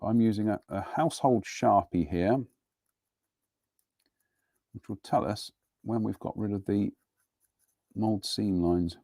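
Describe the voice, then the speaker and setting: A man's voice: lowish voice, slow pace, pauses often, mellow, no room sound, studio quality. A middle-aged man hosting a live model-building broadcast from his home workbench, chatting in a rambling, self-deprecating way. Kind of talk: casual live demonstration and chat.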